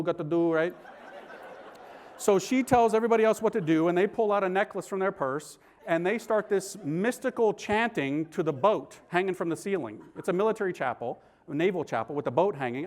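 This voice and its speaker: Male priest-speaker, high-pitched, animated comic storyteller, slangy. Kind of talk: humorous conversion story told to an audience.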